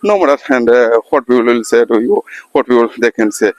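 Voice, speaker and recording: A man talks through an unscripted practice session. He pauses often, restarts his phrases and reaches for words. His voice sits at an ordinary middle pitch, and the recording is close and dry, with no room sound. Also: expressive, no echo, dull audio. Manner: halting, searching for words, many restarts and fillers. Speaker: English practice vlogger. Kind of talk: unscripted spoken English practice monologue. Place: outdoors by a road.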